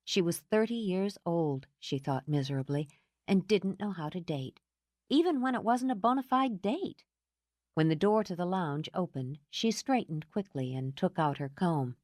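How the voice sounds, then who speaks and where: A woman narrating a romance audiobook in an expressive storytelling manner. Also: lowish voice, normal speed, no echo, studio quality. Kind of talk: scripted narration.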